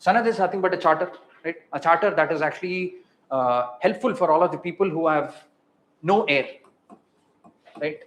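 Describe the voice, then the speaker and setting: A man with an Indian English accent giving an exam revision lecture, asking the class quick questions and repeating key terms. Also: on the high side. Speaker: teacher.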